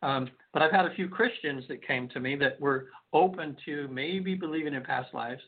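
A man's voice: fairly high pitch, normal speed, slightly rough. A male hypnotherapist guest on a call-in radio show, telling stories in a rambling way with many restarts. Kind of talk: storytelling in a call-in radio interview. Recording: phone-like lo-fi line.

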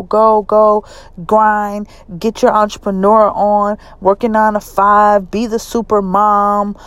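A middle-aged woman talking casually to her viewers in a vlog, chatty and emphatic, with sudden jumps in pitch. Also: no room sound. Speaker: vlogger.

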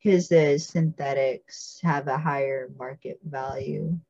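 Speaking slowly in a low voice, a woman recaps a TV episode on a casual podcast she co-hosts, acting out the characters' lines with animation. The recording is dry and dull.

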